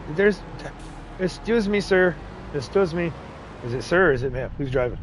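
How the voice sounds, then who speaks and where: A man's voice: a little high, expressive, moderate pace, a little hiss or hum. A man hosting a live farming-game stream, chatting casually with viewers and joking with his in-game workers. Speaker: livestream host. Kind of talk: casual live gameplay chat.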